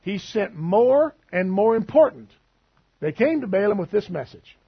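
A man's voice: high voice, big pitch swings, normal speed, breathy edge, highs cut off. A male preacher giving a sermon in a conversational, teasing way, asking the room questions.

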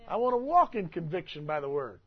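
A man preaching a sermon as pastor, emphatic and swinging between loud and soft delivery. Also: fairly high pitch, very animated, fairly quick, highs cut off.

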